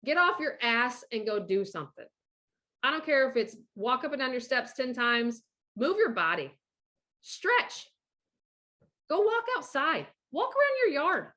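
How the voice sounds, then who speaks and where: A high, bright woman's voice talking fast and blunt, full of profanity. She gives casual divorce advice like a straight-talking coach. She acts out the people she quotes. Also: sing-song.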